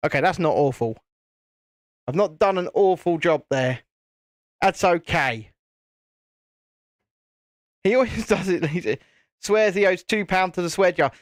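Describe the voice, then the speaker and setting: Man, live-stream host, chatty, laughs a lot, casual swearing, lively swooping voice, dry close sound. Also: high voice, unhurried, long pauses, no echo. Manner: chatty, laughs often, mild swearing, restarts. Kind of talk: casual live-stream chat while building.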